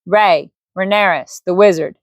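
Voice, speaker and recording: A woman's voice: lowish voice, unhurried, no room sound. Tired male wizard, read by a woman, laconic, blunt, dry close sound.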